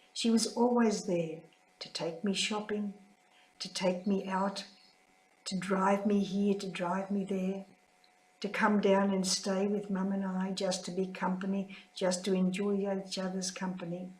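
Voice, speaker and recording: An older woman, a religious sister, sharing a heartfelt, tender spiritual reflection in a quietly grieving manner. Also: medium pitch. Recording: roomy echo.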